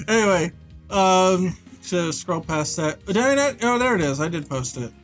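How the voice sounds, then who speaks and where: Lively laughing New man. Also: high-pitched, a little slow, faint music behind. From New York. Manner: animated storytelling with lots of laughter. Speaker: game developer streaming. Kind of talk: casual chat.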